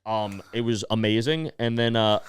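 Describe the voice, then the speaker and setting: A young man co-hosting a comedy podcast, telling a story in animated casual chat and acting out the people in it. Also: fairly low pitch, moderate pace, clean tone, no echo. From United States. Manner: animated storyteller, quoting others in lively put-on voices.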